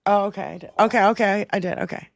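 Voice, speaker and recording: A woman co-hosting a casual livestream chat, excitable and rambling, swearing freely. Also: medium pitch, quick pace, vocal fry, no echo. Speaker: podcast co-host.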